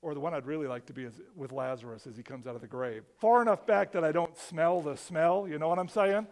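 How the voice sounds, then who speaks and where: A man preaching a sermon as pastor, animated and conversational, often restarting his phrases. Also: on the high side, quick pace.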